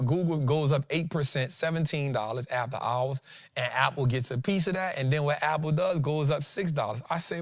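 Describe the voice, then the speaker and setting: Animated fortysomething man host, dry sound. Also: a little high, moderate pace, dry recording. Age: 40s. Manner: animated, emphatic, repeats lines for effect, slangy. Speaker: stock trading show host. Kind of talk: casual trading talk and chart breakdown.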